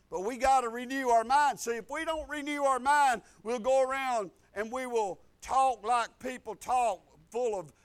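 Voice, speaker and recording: High-voiced folksy preacher. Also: male voice, fairly even intonation, a little slow, clear, resonant tone. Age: 50s. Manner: folksy, repeats phrases, rising to loud declarations. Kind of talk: sermon.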